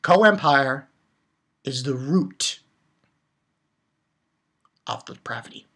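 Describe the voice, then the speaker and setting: Fired-up woman with a husky voice. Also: very deep voice, expressive, slow, fairly bright tone. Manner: heated, profane, blunt; repeats phrases for emphasis. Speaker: anime reviewer. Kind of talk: ranting manga chapter review.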